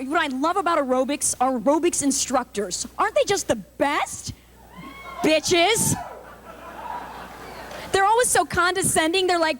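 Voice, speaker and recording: A woman's voice: very high-pitched, a bit bright, slight background noise. A woman doing a punchy stand-up comedy set on a live club stage, jumping into character voices.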